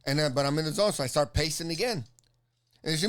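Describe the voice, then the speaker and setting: A man, telling a fight story in a casual, profane, animated way. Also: on the high side, quick pace. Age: 50s. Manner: animated, profane, acts out both sides of an argument. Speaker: jiu-jitsu competitor telling a story.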